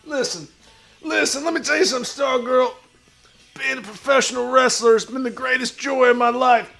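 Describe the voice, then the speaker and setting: A man playing a crude, boastful washed-up pro wrestler who talks about himself in the third person and shouts his lines. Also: very high voice, moderate pace, faint music behind, heavily acted. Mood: swaggering bravado. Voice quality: gravelly, shouty bravado. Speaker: streamer in character. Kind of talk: improvised comedy stream.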